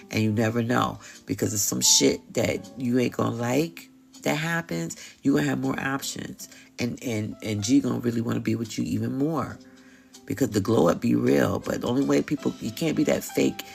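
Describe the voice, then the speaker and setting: Gravelly-voiced tarot reader, chatty and blunt. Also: medium pitch, a little mellow. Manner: chatty and blunt, slangy, swears, laughs often. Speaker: tarot reader hosting a live stream. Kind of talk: casual live-stream tarot reading.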